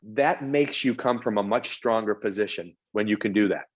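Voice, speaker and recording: A man's voice: on the low side, normal speed, highs cut off. A man being interviewed as a podcast guest, talking in an earnest, casual way and often repeating words as he starts a sentence. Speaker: podcast guest, real estate executive.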